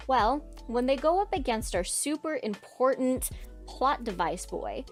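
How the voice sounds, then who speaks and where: A woman's voice: high voice, animated, unhurried, soft background music. A woman in her twenties recounting her old character's story in a casual vlog, sarcastic and rambling with lots of "like".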